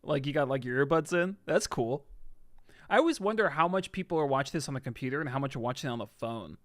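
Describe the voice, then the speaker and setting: A casual live streamer with a mid-range voice reads comments from his audience at a quick pace, veering between excited yelps and soft murmurs. The recording is dry.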